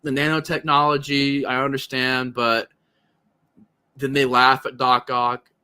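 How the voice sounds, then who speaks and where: A man hosting a podcast in casual movie talk, animated and profane, often acting out lines he quotes. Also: mid-range voice, measured pace, clean tone. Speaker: podcast host.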